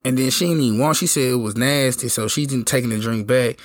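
A hoarse man telling a story in a casual, slangy, laid-back way. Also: mid-range voice, fast, no echo, studio quality. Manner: laid-back slangy talk, lots of "you know what I'm saying". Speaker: podcast host telling a story.

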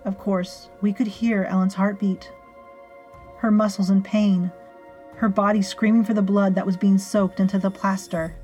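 Woman reading a spooky story, dry and measured, warm mellow voice, soft music behind. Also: medium pitch, flat delivery. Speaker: narrator. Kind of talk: storytelling narration.

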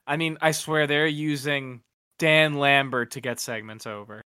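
A man's voice: medium pitch, steady tone, a little slow, sharp tone, smooth, no room sound, clean studio sound. A man co-hosting a casual wrestling podcast, blunt and exasperated, swearing freely. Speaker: podcast co-host. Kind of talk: casual wrestling review chat.

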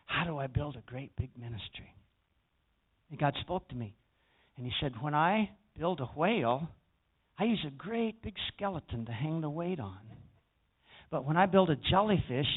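A male pastor preaching a sermon, telling stories and rising to emphatic peaks. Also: fairly high pitch. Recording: tinny phone-like sound.

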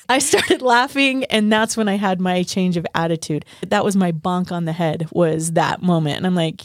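Low-voiced woman telling a family story. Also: normal speed, few pauses, no room sound, studio quality. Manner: storytelling, laughs often. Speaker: podcast co-host. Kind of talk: casual faith podcast chat.

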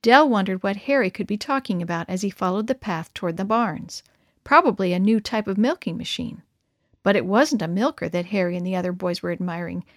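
A woman's voice: medium pitch, brisk, dry recording, clean studio sound. A woman reading a children's story aloud, lifting into character voices for the dialogue.

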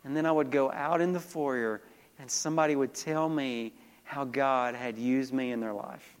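A man's voice: medium pitch, steady tone, normal speed, clean tone, in a large hall. A male pastor preaching a sermon with emphatic delivery, calling out to the congregation for responses.

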